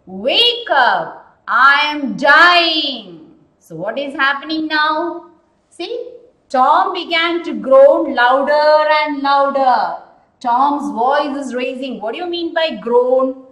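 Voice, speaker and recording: A woman teacher walks through a story lesson at an unhurried pace, repeating words and asking questions. Her voice is high and full of movement. The room echoes around her. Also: a bit bright. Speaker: English teacher. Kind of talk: recorded class lesson. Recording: roomy echoing room.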